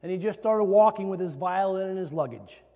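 A male preacher telling a sermon story in a dramatic way, rising to loud emphasis. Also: high voice, brisk, in a large hall.

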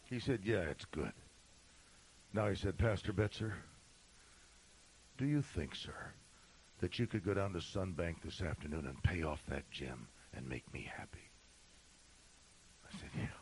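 A middle-aged male pastor telling a story in a sermon, swinging from shouting to a hushed whisper. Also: low voice, lively intonation, moderate pace, pauses often, a little hiss or hum, rough recording.

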